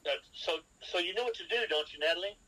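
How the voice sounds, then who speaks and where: A man with a bright, forceful voice pitched a bit high for a man teaches real estate on a podcast. He works through numbered rules and keeps asking his listener whether he follows. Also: fast talker, a little hiss or hum, poor audio. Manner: instructive, lays out numbered rules and checks in with "okay?". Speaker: real estate expert guest. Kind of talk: podcast interview, seminar-style advice.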